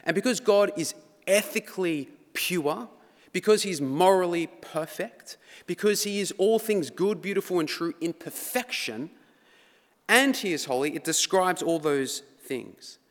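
A man's voice: sits high, expressive, a little slow. A man preaching a sermon, conversational but building to dramatic emphasis. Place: church hall. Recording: long reverb of a church hall.

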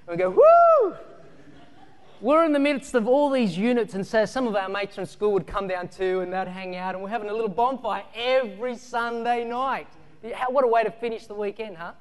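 Man, preacher, high-pitched, storytelling with gusto, hall reverb. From Australia. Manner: animated storytelling, shouts and laughs through childhood stories. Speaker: pastor. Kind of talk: sermon.

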